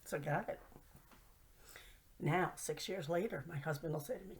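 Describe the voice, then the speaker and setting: A woman's voice: on the low side, normal speed. A middle-aged woman telling humorous stories in a playful, self-mocking way, often dropping to a whisper for asides. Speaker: host. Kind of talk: humorous storytelling monologue.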